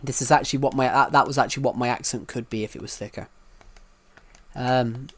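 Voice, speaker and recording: A man's voice: mid-range voice, fairly even intonation, fairly quick. Rambling British man streaming a game. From United Kingdom. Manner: rambling, repeats himself, narrates each move. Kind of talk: live gameplay commentary.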